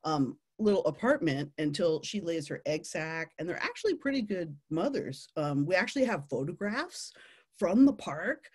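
A woman telling a playful nature story to families, animated and laughing often. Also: fairly low pitch, moderate pace, slightly rough.

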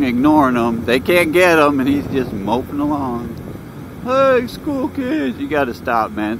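A man talking casually while he rides his motorcycle, rambling through stories for his vlog on a helmet mic. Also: medium pitch. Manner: rambling, chatty storytelling. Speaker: motovlogger. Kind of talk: casual ride commentary. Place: outdoors on a moving motorcycle. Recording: wind and road noise.

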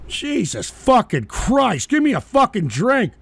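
A man hosting a live radio-style show, ranting profanely at chat commenters and shouting in mocking outbursts. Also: very high-pitched, wildly swooping pitch, unhurried, creaky, slightly rough.

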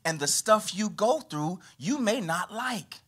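A man, a pastor preaching a lively sermon to his congregation, his voice rising and falling from loud to quiet. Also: slow pace, breathy edge. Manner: animated preaching with sweeping pitch and volume. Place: church.

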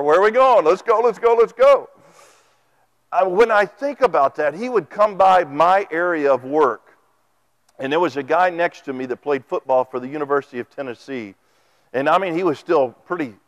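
A man preaching a folksy, animated sermon into a microphone in a church. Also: fairly high pitch, normal speed. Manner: animated, folksy, acts out quotes. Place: church sanctuary.

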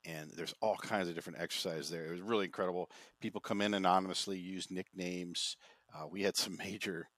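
Guest spot: low-pitched man, dry close sound, reflective and rambling storyteller on a video call. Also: steady tone, fairly quick, fairly bright tone, no echo. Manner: reflective, rambling with frequent restarts. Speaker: podcast guest. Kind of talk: casual conversational storytelling.

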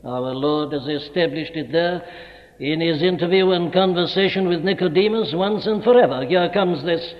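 A man's voice: a little high, normal speed. A man preaching a sermon, emphatic and repeating phrases for effect, recorded in a large hall. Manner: emphatic, rhetorical repetition. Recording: dull echoey hall recording.

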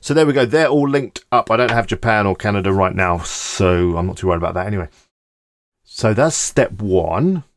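A man hosting a screen-recorded software tutorial, talking casually and thinking aloud as he clicks through each step. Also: on the low side, lively intonation, normal speed, dry recording, clean studio sound. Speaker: tutorial host.

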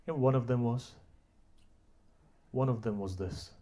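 A man's voice: medium pitch, moderate pace, warm tone. A man delivering a Muharram sermon, retelling a story with rising and falling emotional intensity. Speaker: religious speaker.

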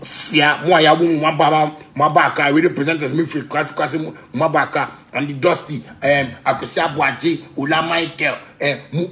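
A Ghanaian man ranting on a casual livestream, animated, with sharp swings from low mutters to loud outbursts. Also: normal speed, hardly any pauses. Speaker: musician on a livestream.

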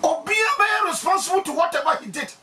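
A man with a Ghanaian accent preaching emphatically, laughing often and breaking into shouts. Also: very high-pitched, fast, recorded from a distance, faint music behind. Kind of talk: animated preaching.

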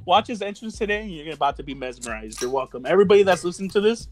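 A man with a high voice chats on a podcast, swearing freely and getting excited as he jokes around. A faint bed of music sits underneath him. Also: very fast. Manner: profane, excitable, joking. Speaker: podcast co-host. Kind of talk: casual chat.

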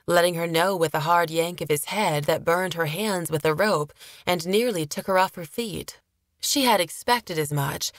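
A woman narrates a fantasy audiobook in a steady, measured way, her voice sitting a little low. She is recorded close to the mic in a dry booth with no room sound. The reading is scripted and even-paced. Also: dry recording.

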